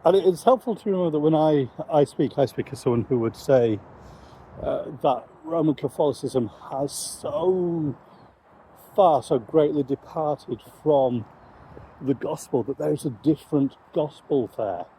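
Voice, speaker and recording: A man, a Christian commentator, giving measured, reflective commentary on current events. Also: a little high, mellow, slight background noise, low-quality recording.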